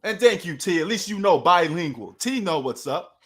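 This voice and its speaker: A man's voice: sits high, lively intonation, moderate pace. A man with a Queens New York accent hosting a casual sports livestream, talking loosely and slangily to his chat.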